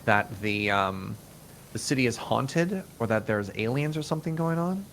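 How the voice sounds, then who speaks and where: A man's voice: mid-range voice, lively intonation, moderate pace, fairly bright tone, a little hiss or hum. A man chatting casually during a multiplayer game, giving helpful tips to the other players. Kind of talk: casual gameplay chat.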